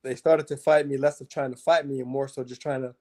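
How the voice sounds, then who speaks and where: A man, a mixed martial arts fighter, telling his fight stories in a casual interview, animated and profane, with lots of filler words. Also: medium pitch, fast. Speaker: MMA fighter guest.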